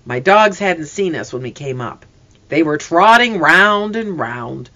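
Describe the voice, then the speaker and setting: A narrator reads a storybook aloud and plays out the lines with feeling. The voice is bright and moves widely in pitch. It sits at a middle height. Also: measured pace. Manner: expressive, reads characters' voices.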